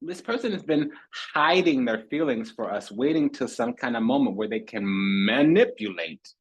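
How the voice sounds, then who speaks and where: A man's voice: medium pitch, lively intonation, moderate pace, breathy edge, poor audio. A man giving a casual tarot reading, sassy and theatrical, calling listeners honey and darling and repeating phrases for emphasis. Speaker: tarot reader.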